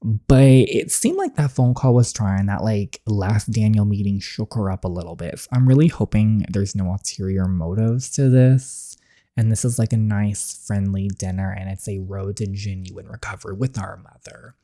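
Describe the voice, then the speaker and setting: Chatty let's-play host, very warm voice. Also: sits low, normal speed, no room sound, studio quality. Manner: chatty, filler-heavy, addresses viewers as y'all. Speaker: gaming channel host. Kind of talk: casual let's-play commentary.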